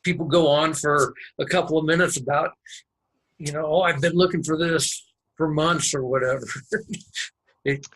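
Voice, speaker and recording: Husky-voiced male podcast host. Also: on the high side, steady tone, moderate pace, pauses often, fairly bright tone, low-quality recording. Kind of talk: casual interview chat.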